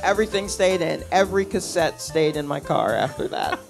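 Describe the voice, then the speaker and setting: A woman comedian telling a lively, jokey story and laughing at her own punchlines. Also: fairly low pitch, brisk, vocal fry, over music. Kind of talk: live comic storytelling.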